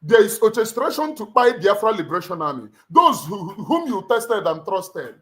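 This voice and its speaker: Hosting a livestream, a middle-aged man with a Nigerian accent speaks in a fervent, sermon-style manner, pressing points home and repeating lines like a preacher. His voice is somewhat high for a man, a bit bright, very animated, and moderately paced.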